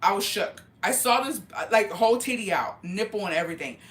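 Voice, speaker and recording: Woman vlogger, crisp bright tone, profane and heated casual storytelling. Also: medium pitch, expressive. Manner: profane, heated, rapid retelling.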